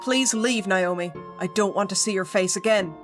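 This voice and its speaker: A woman's voice: medium pitch, normal speed, lightly acted. A sorrowful mother speaks curtly and coldly to turn her daughter away, as a woman voices her. The delivery stays near an ordinary speaking voice, with game music in the background. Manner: curt, cold dismissal. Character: cold, sorrowful mother in a wheelchair.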